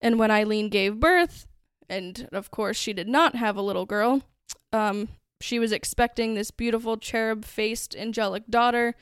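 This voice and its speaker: Woman, podcast host, fairly high voice, casual storytelling, dry sound. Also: moderate pace, few pauses, clear, resonant tone, dry recording. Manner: chatty, conversational storytelling. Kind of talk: casual true-crime podcast narration.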